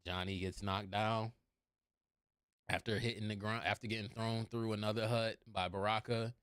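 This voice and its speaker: Male movie reviewer, animated and casual, clear smooth voice, dry close mic. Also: on the low side, moderate pace, dry recording. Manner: animated, laughing often, swearing. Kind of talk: casual scene-by-scene movie recap.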